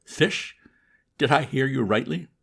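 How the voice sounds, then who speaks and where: A man reading aloud, voicing a pompous, indignant older gentleman in a formal, lofty manner. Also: mid-range voice, unhurried, creaky, slightly rough, pitched above the performer's own voice, heavily acted. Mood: stern.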